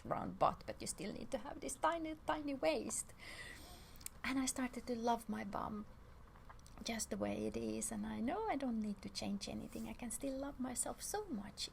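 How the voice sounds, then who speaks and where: Young woman, gentle self-help vlog talk, soft half-whispered delivery, raised pitch, slight vocal fry, faint background hiss. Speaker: self-help video host.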